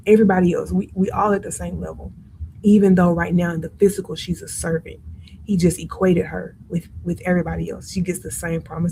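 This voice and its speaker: A woman teaching an informal Bible study in a conversational, animated way with features, acting out the lines she quotes. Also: on the low side, a little hiss or hum, poor audio.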